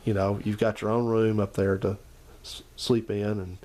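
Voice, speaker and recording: Rambling man, lowish voice. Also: little pitch movement, normal speed, a little mellow. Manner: rambling, repeats himself, talks to his uncle and the viewers. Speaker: channel host. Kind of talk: casual chat to camera.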